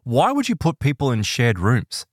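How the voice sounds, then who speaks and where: A man's voice: mid-range voice, huge pitch swings, moderate pace, no room sound, studio quality. A man co-hosting a podcast, casually asking curious questions and joking along. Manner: curious, asks questions, jokes. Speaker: podcast co-host. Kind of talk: casual chat. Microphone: studio mic.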